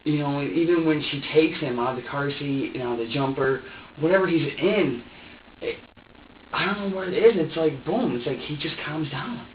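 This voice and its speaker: A man's voice: fairly high pitch, moderate pace, a little hiss or hum. Man, police interrogation, agitated, profane, rambling, distant mic, dull lo-fi sound. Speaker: interrogation suspect. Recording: echoey, distant, muffled interview room recording.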